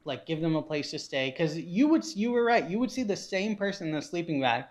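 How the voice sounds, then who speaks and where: Young guy, bit high voice, earnest casual talk. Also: expressive, fairly quick. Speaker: co-host. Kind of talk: casual chat.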